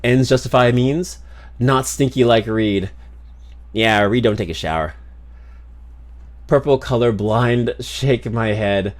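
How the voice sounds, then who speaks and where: A man's voice: medium pitch, slow pace, long pauses. A man streaming live, chatting casually with his viewers in a playful, rambling way with lots of repeats and laughs. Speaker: streamer reacting to videos and reading chat.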